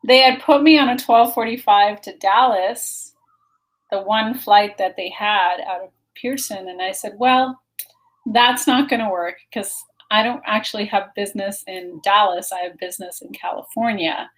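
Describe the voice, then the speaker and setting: A woman co-hosting a wellness talk show, telling a travel story in a relaxed, easygoing way with frequent laughs. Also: mid-range voice, normal speed, poor audio. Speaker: co-host. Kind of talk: casual chat. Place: remote location in California.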